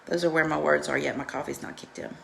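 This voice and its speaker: A woman's voice: sits low, steady tone, quick pace, vocal fry, a little hiss or hum. A woman hosting a live makeup tutorial, chatting and greeting viewers by name while coaching them through each step in a reassuring way.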